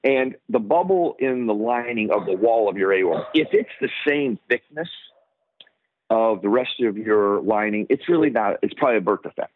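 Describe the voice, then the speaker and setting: A man's voice: lowish voice, moderate pace. A middle-aged man, a former football player, tells stories as a guest in a casual interview and acts out the voices of the people in them. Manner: animated storyteller who acts out the lines of others. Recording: dry, tinny phone line.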